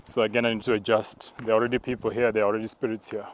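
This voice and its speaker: Low, flat-voiced man on a hill walk. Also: a little hiss or hum. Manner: calm, measured, breaks into tongues. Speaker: apostle. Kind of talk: narrated spiritual walk. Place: outdoors on a mountain path.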